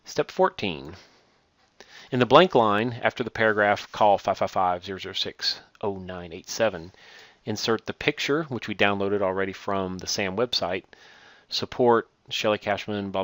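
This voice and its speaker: A lower-pitched man guides a computer lesson at an even, methodical pace, reading instructions aloud before showing each click. His delivery is patient and relaxed, with small self-corrections along the way. The sound is dry and close, with no room echo. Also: moderate pace. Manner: methodical, reads steps aloud then demonstrates. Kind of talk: software tutorial screencast.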